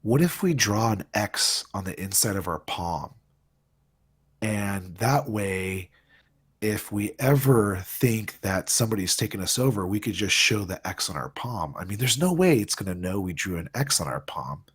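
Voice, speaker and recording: A man's voice: on the low side, lively intonation, moderate pace, slightly rough. A man playing a tabletop role-playing game, proposing plans and slipping in puns. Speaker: player. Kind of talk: casual tabletop role-play.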